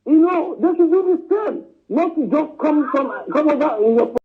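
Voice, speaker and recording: A man's voice: very high-pitched, lively intonation, normal speed. A man from southeastern Nigeria, calling in to a live stream and insistently pressing his point, often saying "you know" and "understand?" and calling the host "my brother.". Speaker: caller. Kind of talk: phoned-in opinion to a live stream. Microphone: phone. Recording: tinny phone line.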